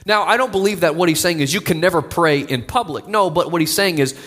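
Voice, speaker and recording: This young man is a pastor delivering a sermon, speaking fast in a slightly high, somewhat bright voice. He stays earnest and rises toward emphatic declarations, and the church sanctuary gives the recording a long hall reverb.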